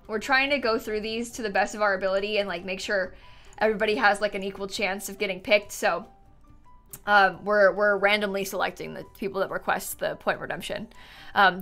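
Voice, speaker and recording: A woman chats casually on a live stream as she tours viewers' game builds, bubbly and chatty with lots of "like"s, though a bit sleepy and yawning. Her voice is medium-pitched and a bit bright.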